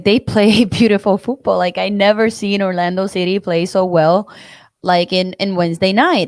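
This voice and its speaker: Excited woman with a smooth, dry voice. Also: medium pitch, dry recording. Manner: excited, chatty, leans on "like". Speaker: podcast co-host. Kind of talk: casual sports chat.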